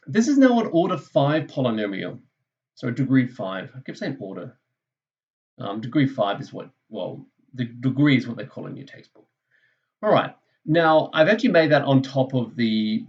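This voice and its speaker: A man's voice: medium pitch, highs cut off. A man teaching a maths lesson over a screen recording, thinking aloud in a casual way and correcting himself as he goes.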